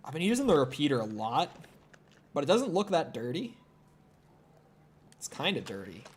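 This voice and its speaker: A man's voice: a little high, very animated, normal speed, slight background noise. Young Minnesota-accented guy, rambling game chat. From Minnesota, United States. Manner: rambling, swears often, filler-heavy. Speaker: gaming streamer. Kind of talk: casual gameplay commentary.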